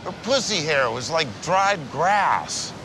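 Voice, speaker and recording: An actor playing a crude, blunt older father in a film scene, talking in a slow drawl. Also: on the high side, lively intonation, creaky, heavily acted. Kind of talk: film dialogue. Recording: film clip with background noise.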